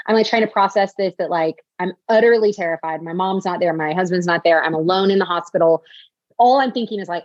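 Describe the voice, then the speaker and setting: A woman recounts a personal story as a podcast guest, in a lively voice that jumps up whenever she acts out what she said. She fills her sentences with "like". The sound is dry and slightly dull. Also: mid-range voice, brisk, no echo. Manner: animated, acts out quoted dialogue, frequent "like". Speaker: podcast guest, author and speaker.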